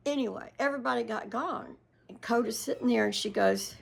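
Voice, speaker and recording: A woman's voice: a little high, fairly quick, gravelly, fairly bright tone. An older woman, chatting casually to her viewers and rambling through family stories. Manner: rambling storytelling with laughs. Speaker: vlogger.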